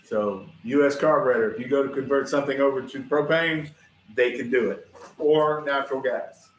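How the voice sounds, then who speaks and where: Male host, mid-pitched, rambling folksy storyteller, recorded in a reverberant workshop. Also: moderate pace. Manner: folksy, chatty, addresses viewers directly. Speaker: host of a livestream shop show. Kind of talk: casual rambling storytelling to chat.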